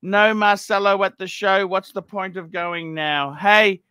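A man in his fifties runs a casual livestream, talking bluntly and swearing freely. His voice sits high and sounds bright, and the call audio is dry and close. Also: fairly even intonation, unhurried, clean tone, dry recording. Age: 50s. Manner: blunt, profane, talks over others. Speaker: livestream host.

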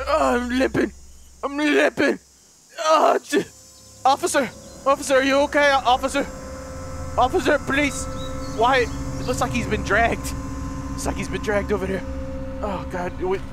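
A man doing loud, goofy, excitable commentary as he plays a game, often laughing. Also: extremely high pitch, measured pace, pauses often, soft background music. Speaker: let's play host. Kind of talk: gaming commentary.

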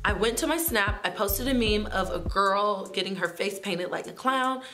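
A young woman vlogger telling a story in casual storytime style, sassy and animated, talking straight to her viewers. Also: mid-range voice, normal speed, over music.

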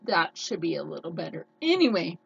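A woman's voice: on the low side, very animated, brisk, creaky, husky, muffled recording. A woman chatting casually in a cooking vlog, her voice a little scratchy and nasal, rambling with lots of fillers. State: scratchy, slightly hoarse voice. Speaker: cooking vlogger.

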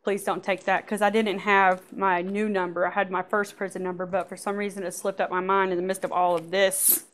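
A woman giving a lively personal testimony at church, often laughing and acting out what people said. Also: mid-range voice, a little fast, few pauses.

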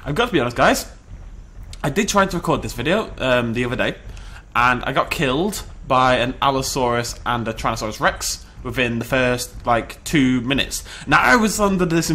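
A British man giving excited, chatty commentary on a dinosaur survival game, breaking into laughs and shouts. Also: mid-range voice. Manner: animated, shouts and laughs in bursts. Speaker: gameplay commentator. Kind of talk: excited let's-play commentary.

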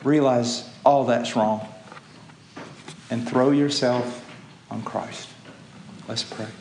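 A man preaching a sermon, with impassioned pleading that climbs to loud peaks. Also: medium pitch, steady tone, slow, a little hiss or hum. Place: church hall. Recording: echoey church with faint ambience.

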